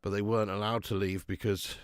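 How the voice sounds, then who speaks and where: A man's voice: on the low side, flat delivery, fairly quick, noisy background. A man hosting a live football watch-along, sick with flu, talking bluntly and swearing as he banters with viewers. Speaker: football fan channel host.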